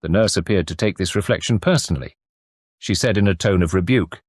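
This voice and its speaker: Male audiobook narrator, measured storytelling, low lively voice, dry recording. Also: no echo. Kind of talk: scripted narration.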